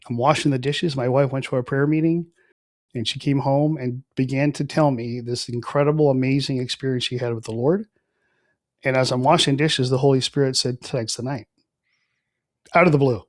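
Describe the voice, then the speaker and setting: Middle-aged male guest, earnest testimony, mid pitch, dry close mic. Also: no echo. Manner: earnest, reflective, with frequent fillers and soft trailing phrases. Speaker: podcast guest. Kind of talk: conversational spoken testimony.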